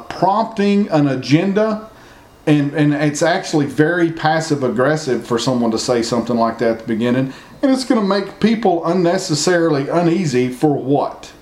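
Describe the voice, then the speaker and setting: A man's voice: fairly high pitch, a little mellow. A man ranting indignantly to his viewers, repeating himself and rambling as he goes. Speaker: vlogger. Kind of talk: opinion rant to viewers.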